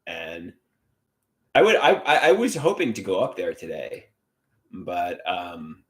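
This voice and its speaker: A man's voice: sits low, very animated, measured pace, fairly bright tone. A man hosting a casual livestream, rambling, repeating himself and greeting viewers by name as he reads their comments. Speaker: livestream host.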